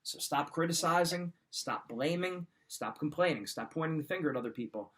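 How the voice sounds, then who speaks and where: A middle-aged man with a slightly raised pitch gives a motivational coaching talk. He speaks in a firm, emphatic, direct way. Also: lively intonation, brisk, fairly bright tone. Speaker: wrestling mindset coach.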